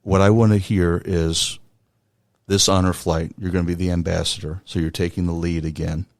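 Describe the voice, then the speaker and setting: A man's voice: low voice, flat delivery, normal speed, dry recording, clean studio sound. A man co-hosting a podcast, asking questions in an admiring, earnest way. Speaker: podcast co-host. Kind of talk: interview questions.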